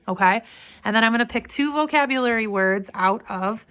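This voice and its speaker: A woman teacher giving a remote phonics lesson to young children, patiently sounding out words slowly and praising answers. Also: on the high side, fairly bright tone, clear, resonant tone. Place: home, downstairs room.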